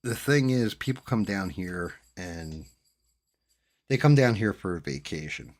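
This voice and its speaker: In a low, expressive voice at a measured pace, a middle-aged New Jersey streamer chats casually with his audience. He wanders through long stories and swears freely.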